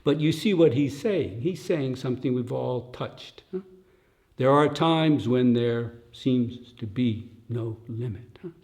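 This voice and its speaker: A mid-range voice belongs to an older dharma teacher speaking slowly and thoughtfully at a retreat. His lines are often tagged with "huh?", and he drifts into soft, nearly whispered asides.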